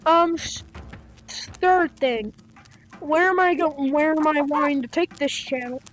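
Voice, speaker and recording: Speaking with a high voice at a measured pace, a young gaming channel host talks casually to viewers. Her chat wanders playfully and is packed with fillers.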